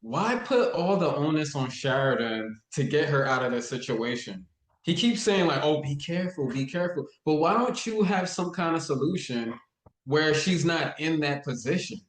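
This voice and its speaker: A man co-hosting a podcast, chatting casually and thinking aloud with halting restarts. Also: fairly high pitch, animated, echoey room. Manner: thoughtful, halting, lots of "like" and restarts. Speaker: guest co-host.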